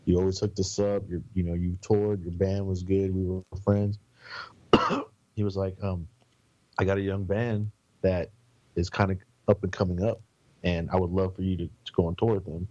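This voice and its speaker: A man's voice: low-pitched, flat delivery, normal speed, darkish tone, highs cut off. Rambling man telling tour stories. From San Antonio, Texas. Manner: rambling, swearing, acts out quoted voices. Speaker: podcast guest. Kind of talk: casual storytelling.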